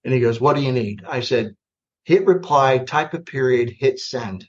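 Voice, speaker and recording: Speaking at a moderate pace, this older American man, a retired army general appearing as a podcast guest, narrates animatedly and pokes fun at himself while performing old exchanges from both sides. His voice is middle-pitched for a man, on slightly muffled, lo-fi podcast audio.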